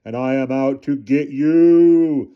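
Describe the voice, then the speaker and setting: A man voicing a one-armed hobo who bellows slow threats in a booming voice. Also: clear, resonant tone, muffled recording, close to an everyday voice. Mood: menacing.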